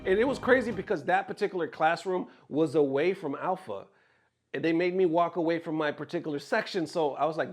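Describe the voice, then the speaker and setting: A young man telling a true school story to viewers, animated and full of slang. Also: on the high side, fairly quick, faint music behind. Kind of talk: storytime vlog.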